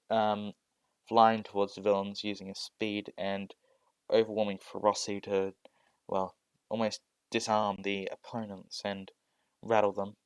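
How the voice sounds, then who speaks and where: Young male storyteller, slow and halting, low smooth voice, dry room. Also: no room sound. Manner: hesitant, many restarts and fillers. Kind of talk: improvised fan-fiction narration.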